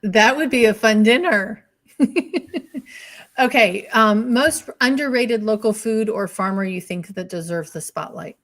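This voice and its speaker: A woman hosting a casual interview podcast, reacting upbeat with quick affirmations and asking questions. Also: medium pitch, a bit bright. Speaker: podcast host.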